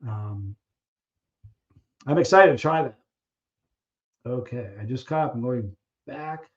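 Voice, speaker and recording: A man's voice: medium pitch, takes it slowly, highs cut off. A man hosting a casual live stream, chatting loosely with viewers, reading out their questions and trailing off while he searches for names.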